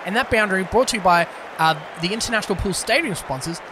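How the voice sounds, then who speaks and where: A man calls the play in a mock-formal, tongue-in-cheek commentator voice. His voice sits a little high for a man. Clear background noise sits under the recording. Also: quick pace. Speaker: comic cricket commentator. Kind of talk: mock-serious sports commentary.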